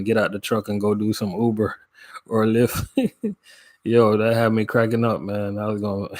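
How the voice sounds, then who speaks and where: A man from Jamaica hosting a casual livestream, chatting in laid-back slang, greeting viewers by name and laughing often. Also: fairly low pitch. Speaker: livestream host. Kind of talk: casual live chat with viewers.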